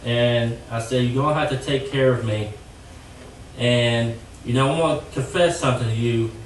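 Young male churchgoer, earnest testimony, halting with fillers, distant and echoey. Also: medium pitch, background noise. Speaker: church member giving testimony. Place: church sanctuary.

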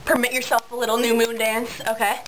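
A teenage girl chatting excitedly on a webcam vlog, giggly and filling her talk with um and like. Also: a little high, brisk, noisy background. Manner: bubbly, giggly, many ums and likes. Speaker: vlogger. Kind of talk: excited casual vlog chat.

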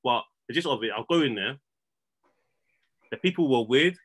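A man's voice: mid-range voice, normal speed, breathy edge. A man, telling a story as a podcast guest in casual, slangy chat, often restarting his words. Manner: slangy, repeats and restarts words, animated retelling.

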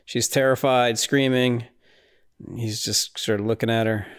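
A man's voice: mid-range voice, fairly even intonation, unhurried, clean tone. A man hosting a podcast, casually recapping a horror film scene by scene, rambling and incredulous, often laughing. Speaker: podcast host.

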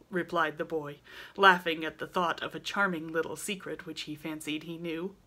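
A woman pastor calmly reading a classic novel aloud as storybook narration. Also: low voice, moderate pace.

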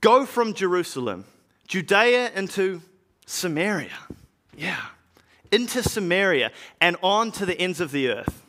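A man performs an earnest early evangelist recounting his journey in a church drama monologue. His voice is bright and lively, with a lot of rise and fall, and he speaks slowly, with weighty pauses. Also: sits high, heavily acted. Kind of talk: dramatic first-person monologue.

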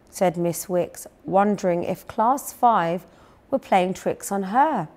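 A young woman reading a picture book aloud to children, gentle, patient and clear. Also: mid-range voice, takes it slowly. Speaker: children's storyteller.

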